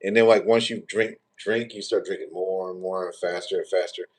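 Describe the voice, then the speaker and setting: A man's voice: low voice, fairly even intonation, a little fast. A man, hosting a tarot livestream in rambling, profane, joking casual chat.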